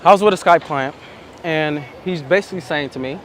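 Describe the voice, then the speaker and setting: A man talking as a dating coach, slow and emphatic, repeating his points in a reflective monologue. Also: a little high, slight background noise.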